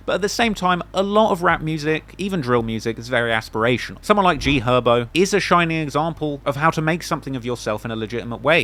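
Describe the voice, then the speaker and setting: A young man with an English accent talks through viewer comments on his channel. He is emphatic and animated, and his pitch leaps up and down as he makes his points. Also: a little hiss or hum. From England. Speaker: YouTube commentator. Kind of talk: reading and answering viewer comments.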